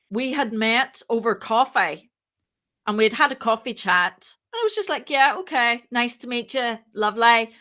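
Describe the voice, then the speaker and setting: Bright-voiced woman telling a lively story. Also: mid-range voice. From moved to Ireland. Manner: lively, acts out quoted dialogue. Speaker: podcast guest, startup founder. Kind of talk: casual interview storytelling.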